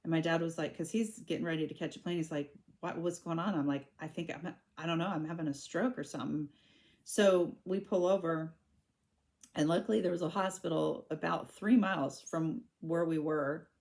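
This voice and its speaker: A woman in her forties telling her own story to camera in a candid, halting way, often restarting her sentences. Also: low-pitched, steady tone, a little mellow. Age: 40s.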